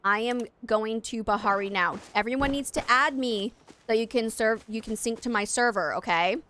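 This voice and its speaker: A woman's voice: a little high, moderate pace, pushed and bright, a little hiss or hum. A young adult woman streaming a game, chatting casually and rambling straight to her viewers. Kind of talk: casual live-stream chat.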